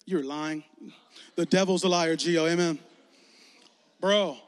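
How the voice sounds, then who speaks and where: A man, preaching a lively, joking youth sermon that rises to shouts. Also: a little high, slow. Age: 40s. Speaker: youth pastor. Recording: long hall reverb.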